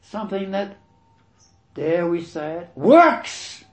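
Emphatic preacher man, lively pitch, echoey room. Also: measured pace. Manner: emphatic, repeats key words, swings between loud stresses and quiet asides. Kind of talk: expository sermon reading and commenting on scripture.

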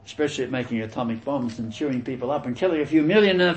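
A man preaching through scripture, reading verses and commenting on them with emphatic, repeated key words and sudden loud stresses. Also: medium pitch, expressive, rapid-fire, hardly any pauses, echoey room.

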